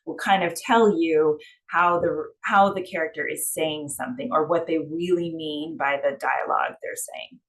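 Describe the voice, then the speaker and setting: A woman's voice: low voice, moderate pace. A woman editor explaining writing tips in a loose, conversational way.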